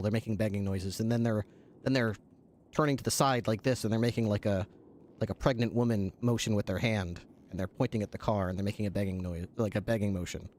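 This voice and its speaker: A man narrating a role-play scene as game master, halting and restarting as he describes the action. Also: on the low side, a little mellow, a little hiss or hum.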